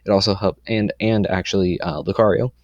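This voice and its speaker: A young man casually explaining his competitive team for a video, confident and rambling, with lots of "um"s and quick self-corrections. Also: low voice, no echo, highs cut off.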